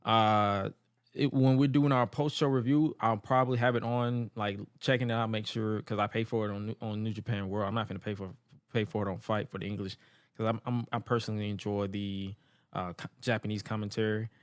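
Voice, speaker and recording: A man's voice: fairly low pitch, level tone, brisk, no echo, studio quality. A man co-hosting a podcast, chatting casually about wrestling, loose and rambling, tripping over names. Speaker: podcast co-host.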